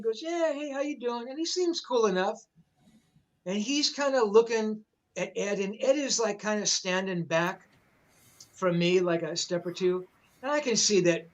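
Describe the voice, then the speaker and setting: An older man telling a backstage story in loose, meandering conversation, with plenty of cursing and false starts. His voice sits a little above the usual male pitch. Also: rough recording. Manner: rambling, profane, many fillers and restarts. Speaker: rock journalist telling a story. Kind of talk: casual storytelling on a livestream.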